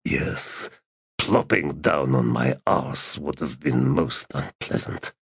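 A man's voice: very deep voice, slow, vocal fry, breathy edge, no room sound, pitched below the performer's own voice, exaggerated voice. A man voicing a cornered master assassin who answers back with dry wit, strained and gasping. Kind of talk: audiobook narration.

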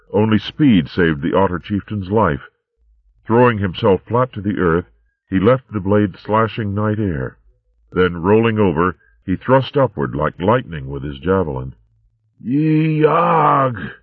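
A man narrating a storybook in a steady, measured way. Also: deep voice, slightly rough, dry recording. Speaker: audiobook narrator. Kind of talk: scripted narration. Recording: tinny narrow-band recording.

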